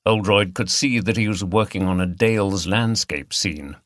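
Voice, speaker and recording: Male audiobook narrator, measured storytelling, lowish voice, dry close recording. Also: a bit bright, dry recording. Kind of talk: scripted narration.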